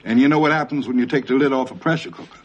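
A man's voice: mid-range voice, very fast, lo-fi sound, heavy background noise. A man playing a married husband in a sitcom, giving advice in a knowing, joking way.

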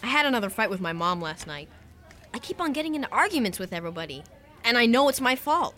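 A performer voicing a frustrated teenage boy who sulks and is quick to argue. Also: mid-range voice, sing-song, bright, forceful tone. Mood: troubled. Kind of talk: radio drama acting.

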